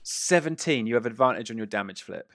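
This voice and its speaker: Acting as game master for a tabletop game, a man with a mid-range, fairly bright voice narrates gory action with glee, speaking animatedly and a little fast, full of fillers and laughs. The recording is dry, with clean studio sound.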